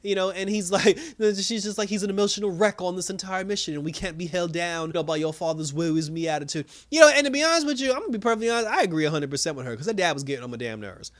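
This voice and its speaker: A man hosting a show, giving a casual, animated recap of a TV episode in slangy talk and breaking into characters' lines. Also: sits high, rapid-fire, hardly any pauses. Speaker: show host reviewing a TV episode.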